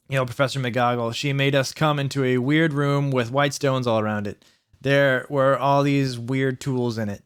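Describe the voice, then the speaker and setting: Smooth-voiced man reading aloud. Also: mid-range voice, fairly even intonation, moderate pace. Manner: reads melodramatically, breaks off to mock and comment. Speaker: channel host reading fan fiction aloud. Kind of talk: comedic dramatic reading with asides.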